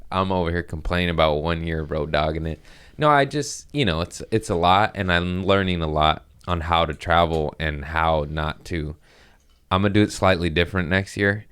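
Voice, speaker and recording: A comedian in his thirties tells a loose, rambling story on his own podcast, stopping to laugh and to talk to his cats. His voice sits very low, and it is smooth and clear. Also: moderate pace, a bit bright. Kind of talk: casual storytelling monologue.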